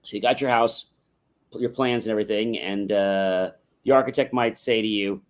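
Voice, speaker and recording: He speaks at normal speed with a fairly low pitch and steady tone, hosting a motivational livestream on a livestream mic. In an instructive manner he weighs yes-no questions against open ones, often dropping in "right?".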